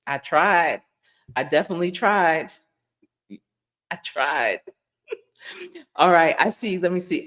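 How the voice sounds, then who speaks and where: Animated woman telling stories on a livestream. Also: sits low. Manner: animated, laughs often, acts out quoted voices. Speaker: life coach and livestream host. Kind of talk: casual livestream storytelling. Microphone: livestream setup.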